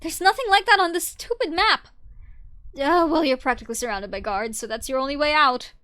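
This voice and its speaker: A woman voicing a flustered male navigator who shouts directions over a radio. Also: high-pitched, fairly quick, dry recording, clean studio sound, pitched above the performer's own voice. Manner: loud, flustered, excitable.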